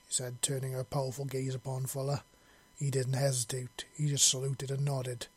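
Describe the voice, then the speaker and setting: A man narrating a story in a steady, even storytelling voice. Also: mid-range voice, moderate pace, slightly rough, dry recording. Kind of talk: audiobook narration.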